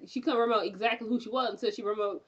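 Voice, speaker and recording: A woman's voice: a little high, rapid-fire, lo-fi sound. Chatty woman recapping a TV episode. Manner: chatty, animated, lots of fillers, laughs while retelling. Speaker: TV recap reviewer.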